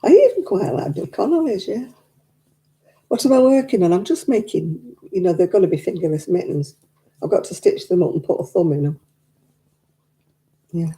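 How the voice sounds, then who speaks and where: A woman's voice: fairly low pitch, lively intonation, normal speed, long pauses, mellow. A woman, chatting casually while knitting on a live stream from her living room, rambling and laughing often as she reads viewer comments into a desk mic. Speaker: craft live-stream host. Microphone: desk microphone.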